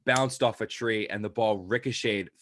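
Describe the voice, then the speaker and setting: A man's voice: fairly low pitch, normal speed, a bit bright. A young man, a podcast co-host, telling a rambling casual anecdote full of "like" and quoted lines. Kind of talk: casual chat, storytelling.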